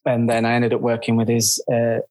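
Man, photographer guest, mid-pitch voice, chatty, halting restarts. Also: monotone, darkish tone, slight background noise. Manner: chatty, halting, self-described grumpy. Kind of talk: casual interview chat.

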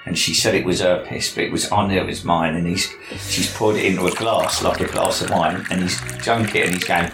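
A man's voice: low-pitched, fairly even intonation, fairly quick. A man telling crude stories casually and laughing at them. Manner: blunt, crude, laughs at his own stories. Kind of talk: casual storytelling. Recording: echoey room with music behind.

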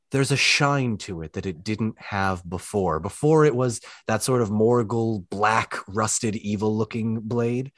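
A man narrating a tabletop game as its game master, with lively descriptive storytelling. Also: mid-range voice, no room sound, clean studio sound. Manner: descriptive, quick asides.

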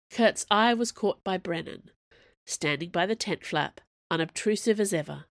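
A woman narrating an audiobook in an even, wry storytelling manner. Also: lowish voice, normal speed, dry recording.

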